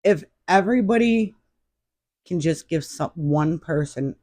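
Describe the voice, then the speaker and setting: A woman's voice: low voice, expressive, measured pace, no room sound, studio quality. A woman in her fifties, a podcast guest, telling stories in a chatty, anecdotal way. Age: 50s. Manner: warm, chatty anecdotal storyteller. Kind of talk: casual storytelling chat.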